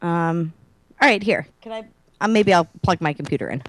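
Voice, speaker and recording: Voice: mid-range voice, expressive, moderate pace, fairly bright tone, dry recording. A talk show co-host chatting casually, with dry sarcasm. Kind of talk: casual joking chat.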